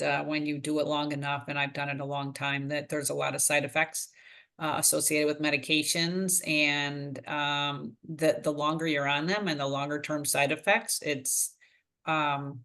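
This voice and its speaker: Speaking at normal speed in a low, level, fairly bright voice, a retired pharmacist talks casually on a video-call panel. The older woman recounts her own journey, frequently voicing what she used to think as quotes.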